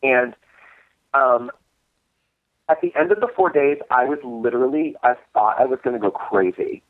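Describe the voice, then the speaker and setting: A man's voice: mid-range voice, animated, normal speed, no room sound. A man, co-host of a cult film screening series, telling a long story in a casual interview, rambling with many restarts and fillers. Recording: tinny phone-like line.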